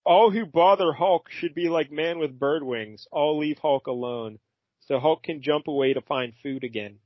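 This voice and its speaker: A grumpy, simple-minded giant lumbers through each slow, broken phrase, as a man puts him on. The voice sits slightly high, and the dry recording sounds dull and lo-fi. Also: dry recording, lightly acted. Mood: slow, gruff. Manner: slow broken caveman speech. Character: dim-witted angry male green giant. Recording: dull lo-fi podcast audio.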